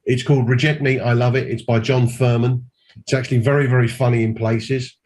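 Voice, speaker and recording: A man's voice: mid-range voice, little pitch movement, brisk, a little mellow. A man giving a mentoring talk, emphatic and repeating his key points. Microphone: call audio.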